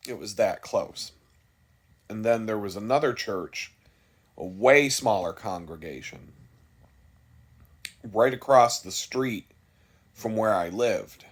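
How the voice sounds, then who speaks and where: Rambling, candid man with a low voice. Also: animated, slow pace, pauses often, slightly rough. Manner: rambling, candid, swears freely, mimics people he quotes. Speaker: vlogger. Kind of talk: unscripted personal storytelling.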